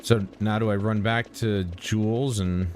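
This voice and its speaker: A man's voice: lowish voice, fairly even intonation, unhurried, a little hiss or hum. A man streaming a video game, commenting casually in a blunt, profane and sarcastic way.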